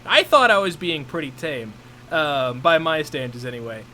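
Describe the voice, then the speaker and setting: A man's voice: a little high, normal speed, a little hiss or hum. Rambling young man telling a story. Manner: rambling, animated storytelling with many fillers and restarts. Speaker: streamer. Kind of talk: casual chat, storytelling.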